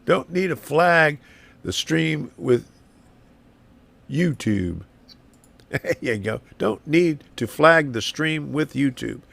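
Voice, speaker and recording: A man live-streams from his home garage workshop in a slightly high, expressive, somewhat bright voice, talking slowly and pausing often. He rambles, complains and repeats himself, sounds a little hoarse, clears his throat, and there's no room sound.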